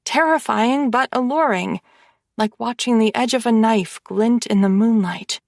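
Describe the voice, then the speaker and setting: A woman narrating a romance audiobook in the first person, with measured, intimate storytelling. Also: on the high side, gravelly, dry recording, clean studio sound.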